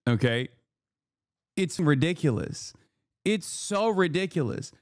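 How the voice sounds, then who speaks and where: A man streaming casual commentary, sarcastic and profane, talking in rapid bursts into a studio microphone. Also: a little high, expressive, no room sound. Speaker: streamer reacting to news clips.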